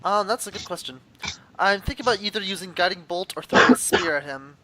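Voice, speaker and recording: A man's voice: high voice, quick pace, background noise. A man playing a tabletop game, casually describing what his character does. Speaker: player.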